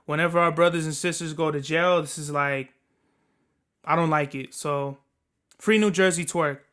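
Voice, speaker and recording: A man's voice: a little high, steady tone, normal speed, a bit bright, smooth. A man hosting a podcast on his own, talking in a rambling, profane, slangy and opinionated way. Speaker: podcast host. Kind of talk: casual solo commentary.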